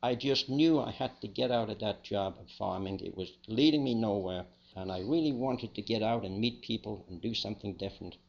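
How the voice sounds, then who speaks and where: An older man with a Liverpool accent, telling his own life story as a testimony in a plain, unhurried, reflective way. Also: on the low side, creaky, highs cut off. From England. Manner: plain, unhurried, with small restarts. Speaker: speaker giving a personal testimony.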